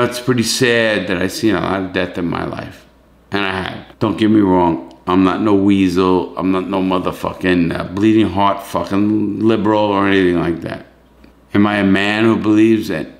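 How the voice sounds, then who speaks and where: Deep gravelly man ranting with emotion. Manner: profane, pleading, emotional. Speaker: YouTube host, former prisoner. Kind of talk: emotional to-camera rant.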